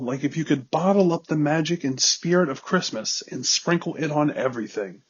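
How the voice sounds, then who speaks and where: Wry man recapping a movie, muffled audio. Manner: wry, rambling, easily exasperated. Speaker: podcast host. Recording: muffled low-quality audio.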